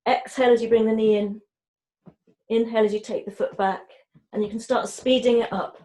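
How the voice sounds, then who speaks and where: A woman yoga teacher calmly guiding a class through breathing and movement, cueing each breath. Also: on the high side, reverberant, rough recording. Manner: slow, soft-spoken cueing of breath and movement. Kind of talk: guided yoga class instruction.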